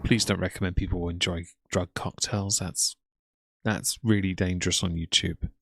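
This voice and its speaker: Low, dry-voiced man mocking on a stream. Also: flat delivery, moderate pace, fairly bright tone, dry recording. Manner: scornful, mocking running commentary. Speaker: commentary streamer reacting to a livestream. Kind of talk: live stream commentary.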